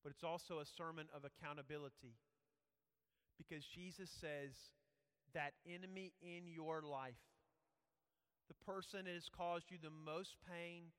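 Earnest pastor in a reverberant hall. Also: male voice, on the high side, fairly even intonation, measured pace, a bit bright, clean tone. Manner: earnest, conversational preaching with personal stories. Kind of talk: sermon.

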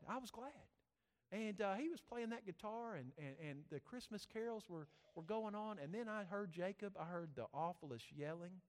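A man's voice: sits high, lively intonation, normal speed. A man, preaching a sermon and telling rambling family stories with many restarts. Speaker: pastor. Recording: long reverb of a church hall.

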